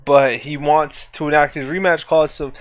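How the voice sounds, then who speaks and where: A man's voice: fairly high pitch, fairly even intonation, moderate pace, no echo, highs cut off. Man, casual gaming chat, rambling, many uhs, dry close sound. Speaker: co-host playing a wrestling management game.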